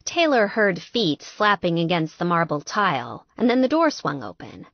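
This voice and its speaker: Lively woman narrating an audiobook. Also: fairly low pitch, normal speed, no echo, muffled recording. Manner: lively, expressive storytelling.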